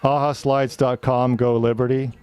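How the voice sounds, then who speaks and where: A middle-aged man gives an online lecture on public speaking. His voice is mellow and smooth, and he works steadily through definitions, quoting an example for each term. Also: medium pitch, level tone, moderate pace, faint music behind.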